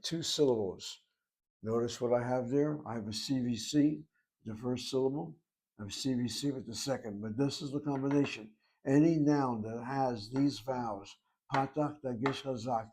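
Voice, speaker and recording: A man teaching a Hebrew grammar lesson, explaining slowly and deliberately and repeating key points. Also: mid-range voice, a little mellow. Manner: slow, deliberate explanation with repetition. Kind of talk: lecture.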